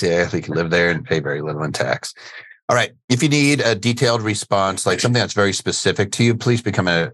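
A man's voice: fairly low pitch, fairly bright tone, no echo. A middle-aged man hosting a podcast from a studio, chatting casually, joking and laughing easily as he goes. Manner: jokey, laughs easily, rambling. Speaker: podcast host. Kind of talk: casual live webinar chat.

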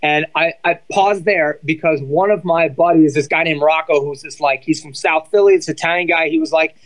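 A man in his thirties tells stories as a guest on a casual show. His voice sits a little high, and his delivery is animated and loose. He keeps slipping into quoted voices and fillers. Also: normal speed, rough recording. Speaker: podcast guest, former reality dating show contestant. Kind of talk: casual storytelling chat.

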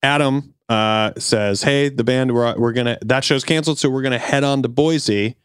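A man's voice: mid-range voice, moderate pace, smooth, no echo, studio quality. A man co-hosting a podcast, telling a long story casually and acting out what people said. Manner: animated storyteller, acts out quotes. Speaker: podcast co-host.

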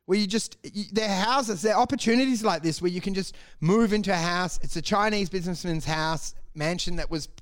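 A man's voice: sits high, fairly quick, hardly any pauses. A man co-hosting a podcast, telling rambling jokey stories and acting out little voices in casual chat. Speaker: podcast co-host.

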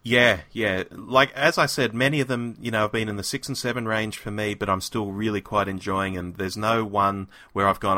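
A man's voice: fairly low pitch, steady tone, moderate pace, sharp tone, dry recording. A man co-hosting a podcast and giving an enthusiastic, conversational episode review on a close mic. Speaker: podcast co-host. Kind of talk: casual review chat.

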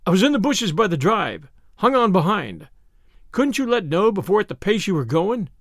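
Guy reading a brisk no-nonsense young englishman, dry close sound. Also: high voice, big pitch swings, dry recording, exaggerated voice.

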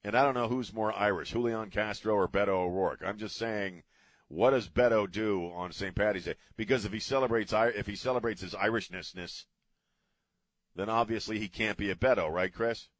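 Through a studio broadcast mic with no echo, a middle-aged American talk radio host delivers a sarcastic, opinionated rant, casually dropping swear words. He speaks fairly quickly in a lowish voice.

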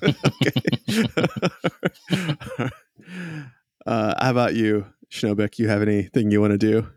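A man with a lowish, somewhat mellow voice speaks slowly, with no room sound. He's the game master of a tabletop game, narrating the scene in a rambling way, laughing often and restarting as he goes.

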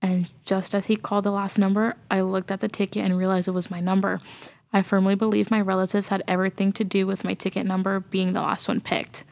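A woman co-hosts a casual podcast and reads a listener's spooky story aloud. Her voice stays steady and narrow in pitch, and she is sincere and easily moved by the tale. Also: quick pace, gravelly. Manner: earnest, gets emotional while reading. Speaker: podcast co-host.

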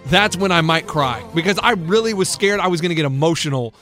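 A young man, a dad, co-hosting a casual chat show, telling stories in an animated, excitable way. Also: on the high side, fast, soft background music. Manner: animated, excitable, trails into laughs and mock complaints. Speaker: co-host.

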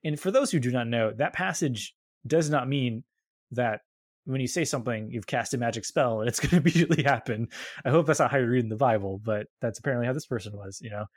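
A young American man co-hosting a podcast, telling animated stories about church culture with many restarts. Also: medium pitch, quick pace, dry recording, studio quality. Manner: animated storyteller, frequent restarts. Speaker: podcast co-host.

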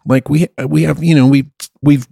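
A man's voice: a little high, fairly even intonation, normal speed, gravelly, warm tone, no room sound, clean studio sound. Profane, rambling man hosting a podcast. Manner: profane, emphatic and rambling, with a playful streak. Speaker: podcast host. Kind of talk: casual chat.

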